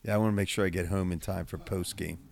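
A man co-hosting a podcast, tossing in quick quips and trivia. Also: deep voice, steady tone, creaky, a little mellow, a little hiss or hum. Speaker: podcast co-host, band member. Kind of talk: casual chat.

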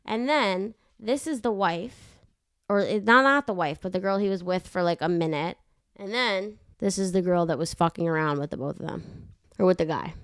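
Smooth-voiced woman podcast host, rambling. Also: on the low side, moderate pace, no room sound, studio quality. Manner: animated, profane, rambling. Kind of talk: casual chat. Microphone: studio microphone.

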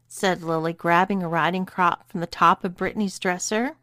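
A woman narrating an erotic story in a steady, even reading voice. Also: lowish voice, normal speed, hardly any pauses, no room sound, studio quality. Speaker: story reader.

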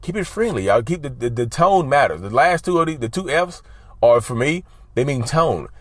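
An animated man with a mid-range voice talks to camera at a moderate pace, giving casual advice as a vlogger. He's emphatic and repetitive, frequently addressing viewers as y'all, and there's no room sound.

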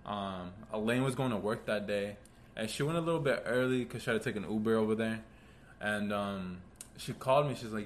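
A young man telling a story on a casual podcast chat, relaxed and loose, with lots of fillers. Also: fairly low pitch, brisk, a little hiss or hum. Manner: laid-back storytelling with frequent fillers. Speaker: podcast co-host.

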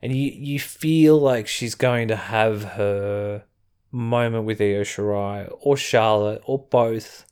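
A man's voice: on the low side, takes it slowly, a little mellow, clean tone. Chatty Australian man recapping wrestling. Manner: chatty, rambling, chuckling asides. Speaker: podcast host.

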